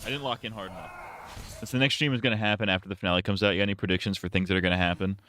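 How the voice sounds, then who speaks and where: Bright-voiced, profane male streamer. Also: sits low, fairly even intonation, rapid-fire, soft background music. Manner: profane, rambling and jokey, full of restarts. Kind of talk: casual live-stream chat.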